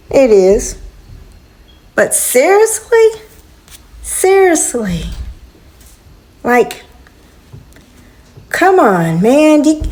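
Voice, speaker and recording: A woman venting in a casual home vlog, exasperated and talking straight to her viewers. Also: fairly high pitch. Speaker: vlogger. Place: apartment at home.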